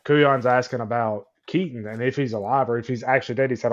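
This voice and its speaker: A man's voice: medium pitch, steady tone, fast talker, muffled recording. A man co-hosting a movie podcast in easygoing casual chat, trailing off into fillers. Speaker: podcast co-host.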